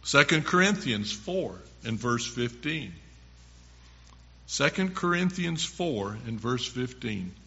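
A man preaching a sermon, reading scripture verses slowly with strong emphasis. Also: medium pitch, sing-song, bright, forceful tone, muffled recording.

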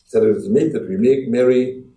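A man preaching a sermon as pastor, dramatic, acting out quoted voices and swinging from hushed to loud. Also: medium pitch, moderate pace. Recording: echoey room from far off.

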